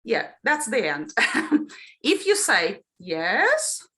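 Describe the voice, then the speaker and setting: Lively bright-voiced woman teacher. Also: a little high, slow pace. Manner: lively, demonstrates intonation with questions to the class. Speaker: teacher trainer. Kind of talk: online teacher-training lesson.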